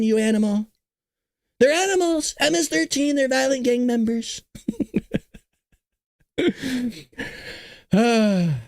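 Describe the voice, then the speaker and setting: A man in his thirties hosting a casual political commentary show, excitable and hyped up, laughing often and teasing his chat. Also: extremely high pitch, takes it slowly, long pauses, smooth, no echo. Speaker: show host.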